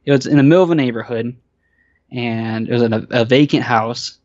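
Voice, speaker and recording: A man's voice: medium pitch, fairly quick, darkish tone, no echo, dull audio. A man telling stories as a podcast guest, casual and rambling, with lots of fillers and restarts. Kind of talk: casual storytelling.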